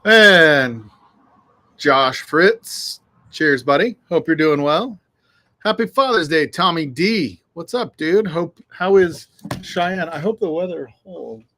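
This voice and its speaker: Outdoors on a windy afternoon, a man hosts a casual livestream chat in a fairly high, expressive voice that sounds pushed and bright, and he speaks slowly. He's laid-back, swears freely, and greets viewers by name.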